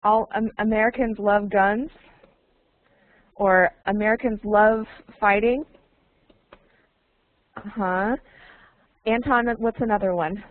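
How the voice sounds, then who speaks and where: A woman's voice: mid-range voice, steady tone, slow, pauses often, dry recording. A woman teaching an online English lesson to a small group, patiently repeating and modeling phrases and laughing often. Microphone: computer mic on a video call. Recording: tinny online call line.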